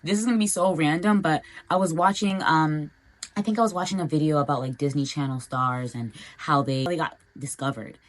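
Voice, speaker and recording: A woman's voice: low voice, fairly quick. A young adult woman talking to her viewers in a casual, earnest, encouraging vlog about self-improvement. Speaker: vlogger. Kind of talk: motivational vlog talk.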